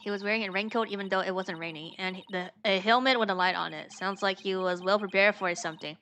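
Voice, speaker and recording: A woman's voice: medium pitch, quick pace, sharp tone. A woman streaming a story game, reading its dialogue aloud with casual, slangy asides. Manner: casual, swears and laughs between lines.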